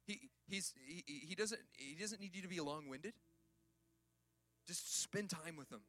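High, bright-voiced preaching man. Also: unhurried. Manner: preaching, builds to shouted emphasis. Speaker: pastor. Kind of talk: sermon.

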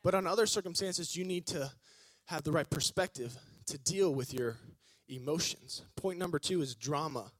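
A male preacher giving an energetic, joking sermon and calling on the congregation to respond. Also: fairly high pitch, normal speed, hardly any pauses, no room sound. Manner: energetic, joking, calls on the audience.

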